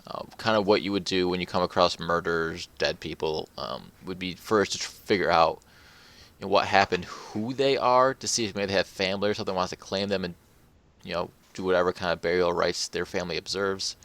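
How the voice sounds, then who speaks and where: Low-voiced man running a tabletop game. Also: fairly quick, gravelly, fairly bright tone. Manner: rambling, filler-heavy, with many "you know"s. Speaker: game master.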